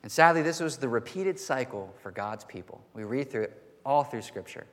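A man preaching a sermon to his church in an earnest voice that rises to forceful emphasis. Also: mid-range voice, expressive, moderate pace. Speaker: pastor. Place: church sanctuary. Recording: long hall reverb.

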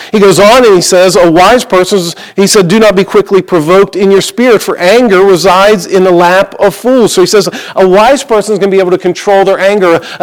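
A middle-aged male pastor with a high voice preaches a conversational sermon. He mixes scripture reading with personal stories and light humor.

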